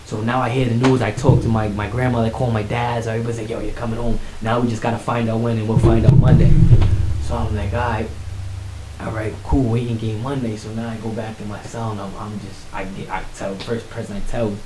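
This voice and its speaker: A man casually telling his life story in conversation, animated, acting out what others said. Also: quick pace. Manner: animated, acts out quotes with rising pitch. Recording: echoey room with faint hiss.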